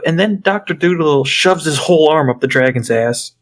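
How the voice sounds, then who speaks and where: A young man co-hosting a podcast, telling a story in a casual, animated way and swearing freely. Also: on the high side, a little fast. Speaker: podcast co-host. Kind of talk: casual chat.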